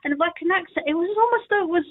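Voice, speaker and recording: A woman calling in to a radio show, chatting eagerly and thinking out loud. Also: very high voice, fast. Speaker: caller. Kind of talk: casual chat on a call-in show. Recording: tinny phone line.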